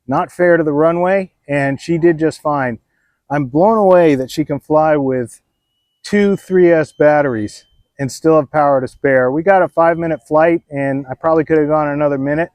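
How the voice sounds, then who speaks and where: A man's voice: a little high, a little mellow. Chatty man narrating a hobby unboxing. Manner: enthusiastic, chatty, with frequent "um" and "uh". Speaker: RC model hobbyist and channel host. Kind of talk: casual unboxing vlog narration.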